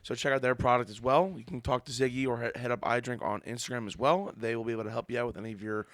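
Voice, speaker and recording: A man hosting a casual podcast chat, hoarse and out of breath from laughing, gushing and chuckling between plugs. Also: medium pitch, fairly even intonation, rapid-fire, fairly bright tone, dry recording. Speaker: podcast host.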